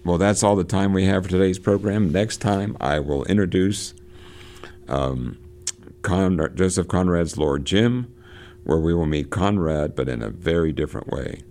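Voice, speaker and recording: A man hosting a radio program on literature, reading passages from a novel aloud and discussing them, talking in a halting way with many fillers and restarts. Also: sits low, darkish tone.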